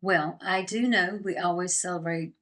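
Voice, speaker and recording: A woman's voice: on the low side, fairly even intonation, moderate pace, a bit bright. A middle-aged woman co-hosting a podcast, chatting casually over wine, rambling and laughing often. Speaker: podcast co-host.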